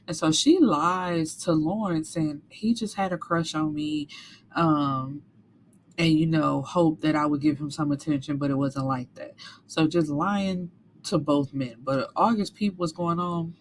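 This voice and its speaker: A woman's voice: deep voice, unhurried, slight background noise. A woman reviewing a book in a casual recap, talking candidly with some cursing and acting out characters' lines.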